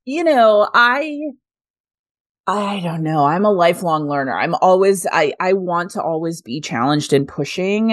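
A lowish female voice in a dry, studio-quality recording. The speaker, a revenue executive in her thirties, is a guest in a conversational interview, answering questions earnestly and reflectively with plenty of laughter.

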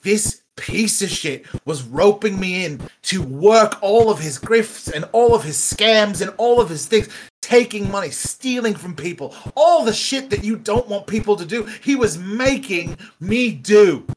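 A man playing a bitter, irate estranged son in a tabletop role-play game, ranting and swearing, swinging from loud outbursts to mutters. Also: high voice, animated, a little slow, hardly any pauses, a little hiss or hum, low-quality recording. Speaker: player.

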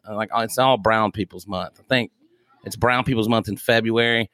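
A man's voice: on the low side, normal speed, a bit bright. A man co-hosting a sports podcast, joking and irreverently teasing the others. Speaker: podcast co-host. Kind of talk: casual sports chat.

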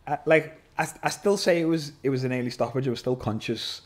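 A man, a guest telling his story in an animated, casual way, swearing and calling everyone lad. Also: mid-range voice, fairly quick. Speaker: podcast guest, MMA fighter.

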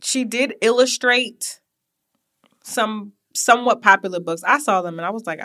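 Young woman podcast host, bright tone, casual digressive storyteller. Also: fairly high pitch, animated, normal speed. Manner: chatty, digressive, with asides to listeners.

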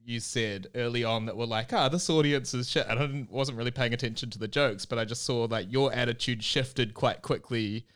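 A man's voice: medium pitch, fairly quick, few pauses, clear, resonant tone. Dry, easygoing podcast co-host, male. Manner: relaxed, dry storyteller. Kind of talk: casual podcast chat.

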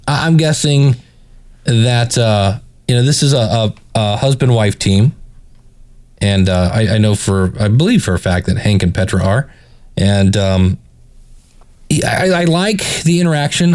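A man's voice: medium pitch, darkish tone. A man casually reviewing a podcast, picky and hesitant, often restarting his sentences. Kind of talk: casual critique over playback.

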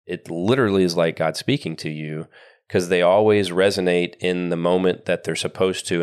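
A man co-hosting a podcast, speaking in a calm, relaxed way in casual chat. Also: sits low, smooth. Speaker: podcast co-host.

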